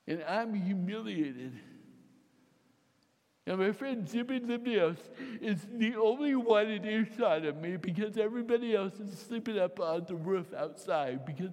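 A man's voice: high-pitched, darkish tone. A man telling an emotional personal story, with dramatic retellings and acted-out quotes. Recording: long hall reverb.

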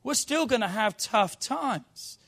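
A man's voice: extremely high pitch, lively intonation, takes it slowly, vocal fry, fairly bright tone. A man preaching a sermon as pastor, emphatic, calling the congregation to answer back. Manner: emphatic call-and-response preaching.

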